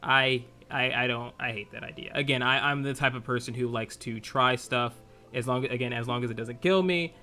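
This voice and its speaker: A man's voice: mid-range voice, a little fast, pushed and bright, faint music behind. A man co-hosting a podcast in casual chat, explaining his views and thinking aloud with many restarts. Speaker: podcast co-host.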